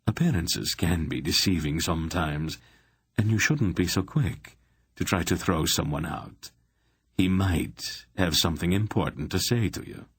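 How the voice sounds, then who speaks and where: A man's voice: low-pitched, measured pace, husky, dry recording. A man voicing a sly male spy with a dry, wry way of speaking in an audiobook.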